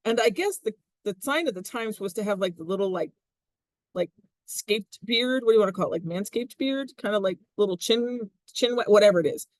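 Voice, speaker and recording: A woman teaching a Latin text in a chatty, animated way, with frequent laughs. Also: mid-range voice, fairly quick, no echo. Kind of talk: casual classroom explanation.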